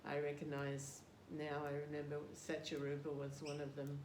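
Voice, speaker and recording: A woman's voice: deep voice, completely flat delivery, normal speed. Chatty older Australian woman telling a story. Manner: chatty, laughing, self-deprecating. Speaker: interviewee, devotee. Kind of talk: casual storytelling. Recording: roomy with background noise.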